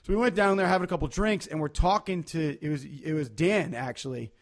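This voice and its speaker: A man's voice: on the high side, brisk. A man, chatting casually on a podcast and telling loose, rambling stories full of fillers. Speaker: podcast co-host. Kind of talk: casual chat.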